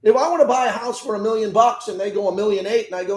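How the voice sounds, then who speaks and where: A man's voice: high-pitched, racing, roomy sound, low-quality recording. A man hosting sports talk radio, arguing with callers and firing off rhetorical questions. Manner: combative, fires rhetorical questions.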